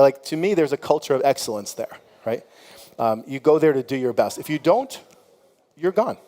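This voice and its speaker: A man's voice: mid-range voice, darkish tone. A middle-aged man speaking on a conference panel, telling frank, conversational stories with plenty of "you know" and laughter. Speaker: company founder on a conference panel. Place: conference hall. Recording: long hall reverb.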